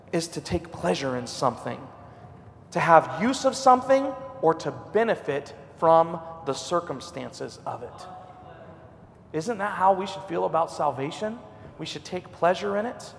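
A man preaching a sermon, telling a personal story with swings from a hush to a loud, high voice. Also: gravelly, long reverb tail.

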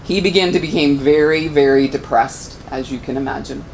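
A woman's voice: brisk, creaky, a little mellow, slight background noise, rough recording. A middle-aged woman giving a personal testimony in church, telling her story earnestly. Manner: earnest storytelling, pitch rising when moved.

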